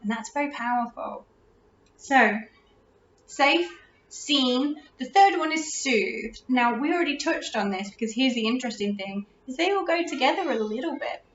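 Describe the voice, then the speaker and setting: Une femme britannique d'âge moyen qui parle de façon décontractée, avec une voix assez aiguë. Elle se reprend souvent en milieu de phrase. L'enregistrement est lointain, réverbéré et un peu étouffé. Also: female voice, high-pitched, animated, normal speed, slight background noise. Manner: chatty, restarts, warm laughs. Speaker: parenting podcast host. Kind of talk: casual advice talk. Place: room at home. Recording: roomy, distant, dull lo-fi audio.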